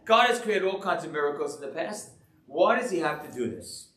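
A man preaches as a rabbi with a high, lively voice. He talks to his audience in a joking, rhetorical way. The sound is roomy and echoey. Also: brisk, distant mic. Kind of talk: sermon to a live audience. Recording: echoey room.

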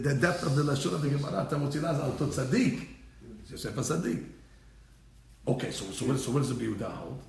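A man teaching a Torah class in an animated way, mixing Hebrew terms into English and repeating his phrases. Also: a little high, creaky, reverberant.

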